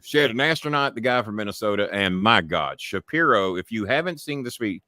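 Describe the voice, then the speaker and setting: A man's voice: on the low side, lively intonation, a little fast, pushed and bright. A man hosting a live podcast stream in casual chat, talking bluntly and swearing freely as he rambles. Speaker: podcast host.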